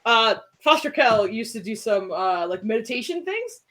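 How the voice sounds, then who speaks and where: A woman's voice: on the high side, very animated, moderate pace, fairly bright tone. Chatty woman running a tabletop game. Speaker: game master. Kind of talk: tabletop game narration with in-character talk.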